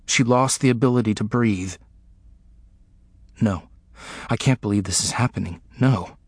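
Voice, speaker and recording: A man reading a first-person memoir aloud, in a slow, grave, repetitive delivery. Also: fairly low pitch, husky, no room sound. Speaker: narrator.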